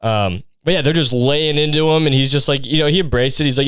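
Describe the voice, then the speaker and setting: A man's voice: a little high, quick pace, hardly any pauses, fairly bright tone, clear, resonant tone, dry recording. Rambling, profane man. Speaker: podcast host. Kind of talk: casual comedic monologue.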